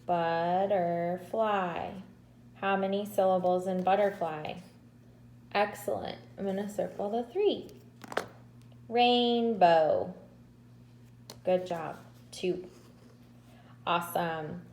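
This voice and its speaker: Woman, kindergarten teacher, unhurried patient delivery, roomy echo. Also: medium pitch, creaky, darkish tone, slight background noise. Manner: slow, patient, drawn-out syllables. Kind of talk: recorded remote lesson to children.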